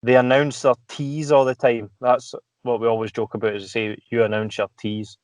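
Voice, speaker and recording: A man's voice: mid-range voice, level tone, a little fast, no room sound. Scottish man, dry close sound. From Scotland. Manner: swears freely, laughs mid-story. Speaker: podcast guest. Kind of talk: casual chat.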